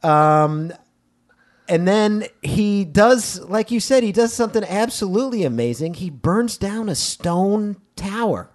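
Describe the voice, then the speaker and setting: A man co-hosting a casual movie podcast, talking in a joking, animated way. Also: high voice, measured pace. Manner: joking, animated, reads text with mock gravitas. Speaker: podcast co-host.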